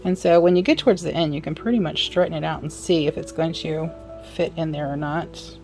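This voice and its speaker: Woman with a lowish voice talking thru a sewing how-to, chatty, faint music behind. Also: steady tone, fairly quick, a little mellow. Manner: chatty, apologetic asides, talks while working. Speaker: sewing instructor. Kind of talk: casual how-to demonstration.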